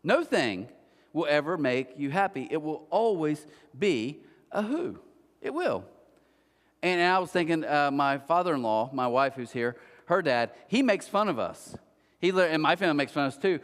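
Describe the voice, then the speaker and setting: This middle-aged pastor talks at a moderate pace in a slightly high voice with lively intonation. His sermon is chatty and story-filled, laced with self-deprecating humor and aimed straight at the audience. The church auditorium adds a long reverb.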